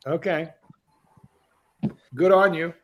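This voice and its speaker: A man's voice: on the high side, steady tone, slow pace, dull audio. A man hosting a livestream, teasing and bawdy in casual banter. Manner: teasing, bawdy, laughs a lot. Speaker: livestream host.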